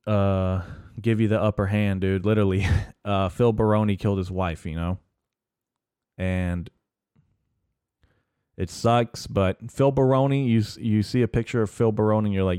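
Low, clear-voiced man ranting profanely. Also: steady tone, moderate pace, warm tone, no room sound, studio quality. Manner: profane, rambling, heavy swearing; filler-heavy, restarts often. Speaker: podcast host. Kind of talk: casual solo podcast rant.

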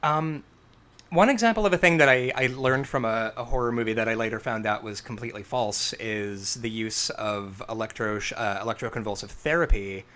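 A man's voice: medium pitch, normal speed, pushed and bright. Earnest man in casual podcast talk. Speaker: podcast co-host. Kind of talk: casual chat.

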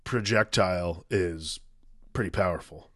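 A man's voice: low voice, measured pace, fairly bright tone, no echo, studio quality. A man co-hosting a podcast who chats wryly about a movie, self-deprecating and playing along with his partner's jokes. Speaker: podcast co-host. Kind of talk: casual comedic movie discussion.

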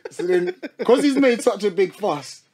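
A man's voice: very high voice, takes it slowly, creaky. A young man, telling a funny story in casual chat and laughing a lot as he goes. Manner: animated, laughing storytelling in slang.

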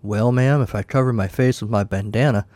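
A man voicing a calm, unflappable old-time cowboy stranger with a folksy drawl. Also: fairly low pitch, a little fast, dry recording, close to an everyday voice. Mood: laid-back.

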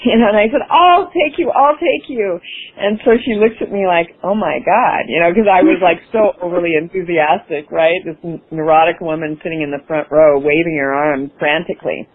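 A woman author, a guest in an interview, telling a personal story with lively enthusiasm and acting out her past self. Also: fairly low pitch, fairly quick, few pauses, husky. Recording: phone-line sound.

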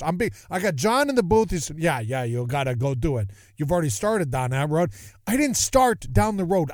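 A man hosting his podcast in a casual monologue, rambling and animated, often interrupting himself. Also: on the high side, no room sound, clean studio sound. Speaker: podcast host.

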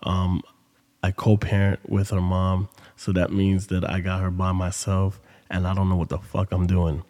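A man's voice: low voice, completely flat delivery, normal speed, warm tone, in a large hall. A man hosting a podcast, telling a story in casual monologue with loose, profane street talk. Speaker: podcast host.

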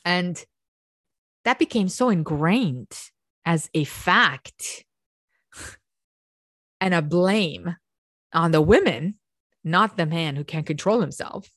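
A woman's voice: on the low side, animated, slow, long pauses, fairly bright tone, dry recording, studio quality. A woman hosting a chatty lecture, ranting at times and often restarting her words. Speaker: host. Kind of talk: casual lecture.

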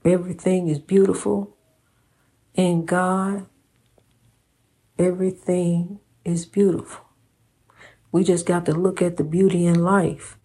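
Woman, preachy, repetitive, swooping pitch, impassioned motivational talk. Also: level tone, slow, long pauses, mellow, husky. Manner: preachy, repeats phrases, calls listener honey. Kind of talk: impassioned faith-based pep talk.

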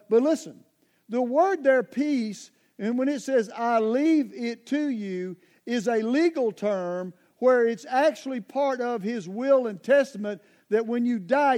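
A man's voice: extremely high pitch, darkish tone. A man preaching a sermon in a conversational, emphatic way, often turning straight to his listeners.

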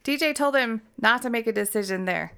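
Smooth-voiced woman co-hosting a podcast. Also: fairly high pitch, a little fast, pushed and bright. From Utah. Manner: blunt, swearing, laughs often. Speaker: podcast co-host. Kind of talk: casual true crime podcast chat.

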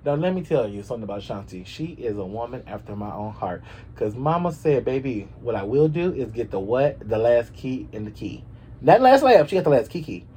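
A man hosting a casual gossip show, sassy and animated, often swooping up into high squeals. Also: brisk, breathy edge. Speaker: host.

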